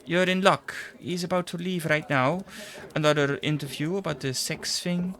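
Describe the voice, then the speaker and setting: A man voicing a young female newsroom secretary who talks in a sarcastic, dismissive way, his voice pushed well up in pitch. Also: fairly even intonation, a little fast, a bit bright, a little hiss or hum, close to an everyday voice. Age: young adult.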